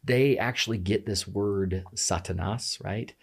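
Man, low husky voice, very animated delivery, passionate conversational explainer. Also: a little slow. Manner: passionate, emphatic, fond of rhetorical "right?". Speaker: guest explaining scripture.

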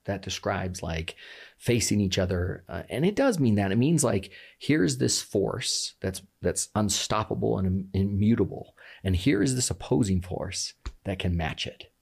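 A man with a low, gravelly and husky voice talks with passion in a relaxed conversation. His pitch swings widely as he stresses points, and he often breaks off to restart a sentence. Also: a little slow. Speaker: guest explaining scripture. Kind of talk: animated podcast conversation.

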